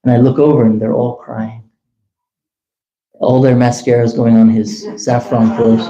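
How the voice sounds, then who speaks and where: A man telling a long personal story at a temple gathering, chatty and animated, acting out the dialogue. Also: medium pitch, gravelly, poor audio. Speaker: temple speaker. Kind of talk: casual storytelling talk.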